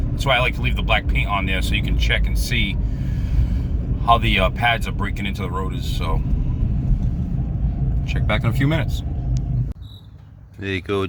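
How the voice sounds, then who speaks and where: Low-voiced New man fixing brakes. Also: heavy background noise. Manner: joking, offhand, hands-on while working. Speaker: car repair vlogger. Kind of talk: casual how-to vlog.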